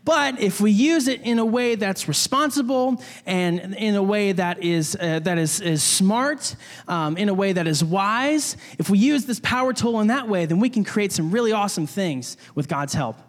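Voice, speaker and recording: A young man with a fairly high voice preaches in a relaxed, chatty way, full of restarts and little jokes. His words ring out with a long reverb, as in a church hall. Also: normal speed. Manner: conversational, many restarts, jokey asides. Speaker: pastor. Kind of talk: casual sermon.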